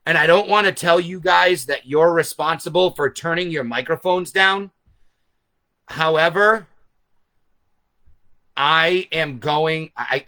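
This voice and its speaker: Loud, animated man explaining to viewers. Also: a little high. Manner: speaks loudly. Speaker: host. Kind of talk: live stream talk to viewers. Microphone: camera set back from him.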